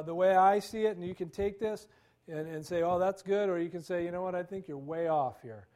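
A man's voice: high voice, a little mellow. A male pastor giving a conversational sermon, acting out quoted dialogue with stammering repetitions.

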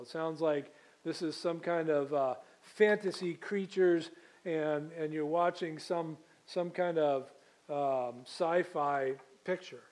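A man's voice: on the high side, a little mellow, rough recording. A man preaching a sermon, reading scripture aloud and then explaining it with asides and small slips. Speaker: pastor.

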